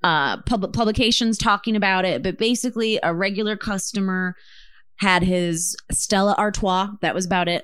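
A woman's voice: on the low side, a bit bright, clean tone, no echo. Woman co-host, heated and foul-mouthed, tells stories, dry close sound. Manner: impassioned, profane, storytelling. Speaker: podcast co-host. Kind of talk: casual chat.

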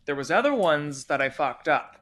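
Young guy, high-pitched, profane, animated casual storyteller. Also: normal speed. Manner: animated, profane, rambling anecdote-telling.

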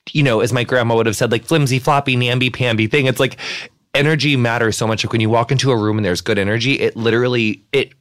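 A man rattles along quickly in a casual podcast chat, gushing and rambling with fillers piled on fillers. His voice sits close and dry, with no room sound around it. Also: medium pitch, dry recording. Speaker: podcast host.

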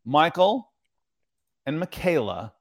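A man co-hosting a casual sports podcast, talking in a relaxed, chatty way with lots of fillers. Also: a little high, takes it slowly. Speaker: podcast co-host.

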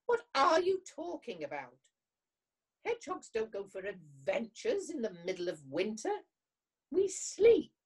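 A woman's voice: a little high, huge pitch swings, unhurried, slightly rough, pitched above the performer's own voice, full character voice. A woman doing a grumpy little hedgehog. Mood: indignant. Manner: snappish, grumbling.

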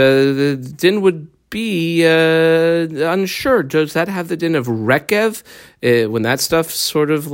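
A man teaching a Talmud lesson, reading Aramaic phrases and explaining them in English with many pauses and fillers. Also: mid-range voice.

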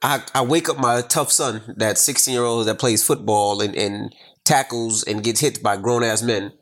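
A man's voice: mid-range voice, steady tone, moderate pace, fairly bright tone. A man co-hosting a podcast, telling family stories in casual chat and teasing his co-host. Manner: teasing, playful, acts out voices in stories. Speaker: father.

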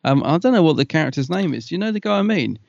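A man with a gravelly, creaky edge chats excitedly on a podcast, laughing often. The sound is dry and slightly dull, like a home mic. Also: fairly high pitch, rapid-fire, dry recording. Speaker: podcast co-host. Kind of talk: casual chat.

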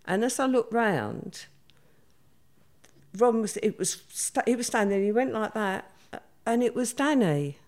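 A woman's voice: a little high, very animated, measured pace, darkish tone. An older woman, telling her story as an interview guest in a plain-spoken way and acting out what people said. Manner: plain-spoken, acts out quoted dialogue.

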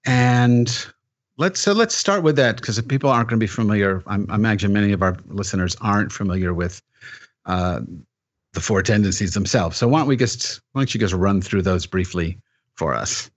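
A man's voice: lowish voice, a little fast. A man hosting an interview podcast, casual and joking as he introduces his guest. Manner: casual, joking, with fillers and restarts. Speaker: podcast host.

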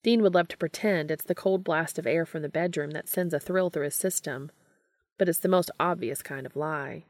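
A woman giving a steady, scripted narration of a romance story. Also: low-pitched, normal speed, no room sound.

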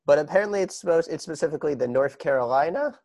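A man's voice: fairly high pitch, lively intonation, quick pace, vocal fry, a little mellow. A man co-hosting a casual podcast, making wry jokes. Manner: wry, joking. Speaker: podcast co-host. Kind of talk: casual chat.

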